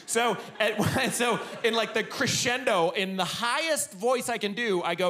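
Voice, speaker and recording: Man doing stand-up, rambling story, high pitch, bright sharp tone. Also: a little slow, hardly any pauses. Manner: rambling storytelling, acting out shouts. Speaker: stand-up comedian. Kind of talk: stand-up comedy. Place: comedy club stage.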